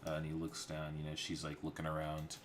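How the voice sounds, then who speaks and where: Deep-voiced man rambling through story beats. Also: completely flat delivery, a little fast, background noise. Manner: rambling, many fillers and placeholders. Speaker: storyboard artist. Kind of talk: casual livestream talk-through.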